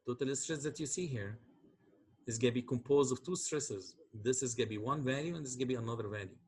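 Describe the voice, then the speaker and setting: A man's voice: medium pitch, fast, slightly rough. A man teaching a university engineering class, explaining calculations step by step and often checking that students follow. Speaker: engineering lecturer. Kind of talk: university lecture.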